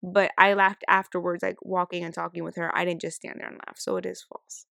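A woman's voice: fairly low pitch, level tone, vocal fry, fairly bright tone, dry recording, clean studio sound. A young woman co-hosting a podcast, teasing and blunt in casual back-and-forth banter. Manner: teasing, blunt, quick to interject. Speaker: podcast co-host.

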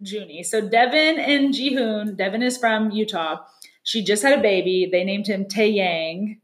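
A podcast co-host chats through a reality TV recap in a loose, casual style, laughing often and quoting people in lively put-on voices. She speaks at an ordinary middle pitch, and the room sounds echoey.

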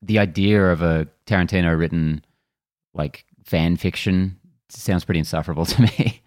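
A man's voice: low-pitched, moderate pace, darkish tone, no room sound. A man presenting film news on a studio podcast in an easygoing, chatty way. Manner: easygoing, laughs readily, reads out headlines. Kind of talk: casual film news chat.

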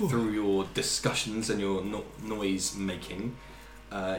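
A man running a tabletop game as game master, narrating scenes with filler words and restarts. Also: deep voice. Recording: echoey room with background noise.

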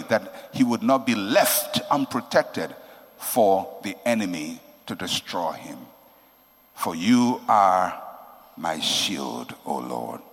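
A man preaching a sermon with passion, swinging between soaring, emphatic lines and hushed, low ones. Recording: long reverb of a large hall.

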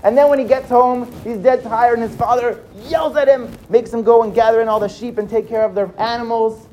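A storyteller narrating a dramatic tale, lively and dropping low for suspense. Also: brisk, lo-fi sound, a little hiss or hum. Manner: lively, drops to hushed for suspense.

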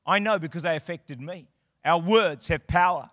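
A man preaching a sermon in a church, impassioned and building to shouted declarations. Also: on the high side, moderate pace, no echo, clean studio sound, long reverb tail. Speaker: guest preacher. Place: church auditorium.

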